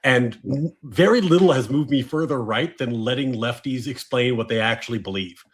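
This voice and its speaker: A man's voice: mid-range voice, normal speed. Man hosting a casual political podcast. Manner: conversational, reads chat messages. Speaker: lawyer and podcast host.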